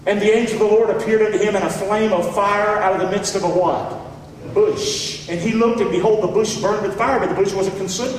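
A high-voiced man preaching in a church sanctuary, heard from a distance in a big hall with a long echo. He calls out to the congregation for answers and swings between ringing shouts and low, quiet asides. A faint hiss sits under the voice. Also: fairly even intonation, fairly quick. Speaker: pastor. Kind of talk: sermon. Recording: echoey hall, mic far off.

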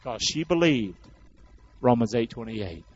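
A male preacher delivering a sermon, calling on the congregation to repeat after him and rising to loud recitation. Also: medium pitch, sing-song, a little slow, slightly rough, muffled recording. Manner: call-and-response preaching, builds to loud recitation.

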